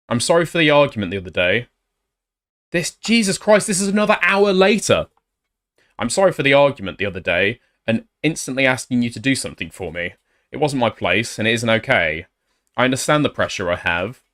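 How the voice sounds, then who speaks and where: A man's voice: mid-range voice, fairly bright tone. Sarcastic male commentator, blunt, reads messages aloud.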